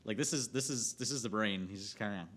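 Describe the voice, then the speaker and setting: A man's voice: on the low side, quick pace. A young man giving a casual, profane movie rant, rambling with lots of filler words and restarts as he retells the plot. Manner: animated plot retelling with acted quotes. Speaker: movie reviewer.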